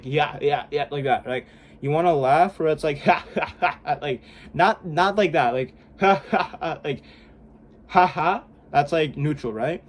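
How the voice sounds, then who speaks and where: Indoors at home, a young man records a casual self-help vlog, rambling self-consciously with lots of "like" and "bro." His voice is a little high and a little mellow.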